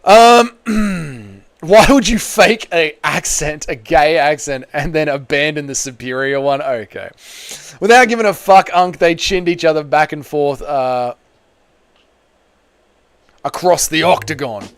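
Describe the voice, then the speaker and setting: A young man who talks quickly and rambles as he reads viewer comments aloud on a casual stream. He fills his talk with "like" and swears freely. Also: fairly high pitch, lively intonation, dry recording. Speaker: MMA livestreamer.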